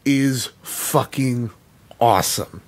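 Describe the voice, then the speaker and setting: A man's voice: mid-range voice, takes it slowly. A man co-hosting a casual gaming podcast, talking earnestly, swearing freely and saying "like" a lot. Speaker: podcast co-host.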